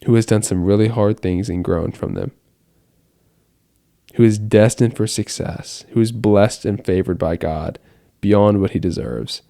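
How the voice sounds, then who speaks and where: A seventeen-year-old American boy talks to the camera from his bedroom late at night in an earnest, rambling monologue full of "like" fillers. His voice is lowish, a little slow, creaky, and dark, recorded clean with studio quality and no echo.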